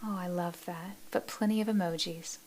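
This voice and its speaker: Woman, meditation host, casual live chat, soft gentle voice, near-whispers, affectionate, laughs easily. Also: lowish voice, steady tone, moderate pace. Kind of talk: casual livestream chat reading viewer comments.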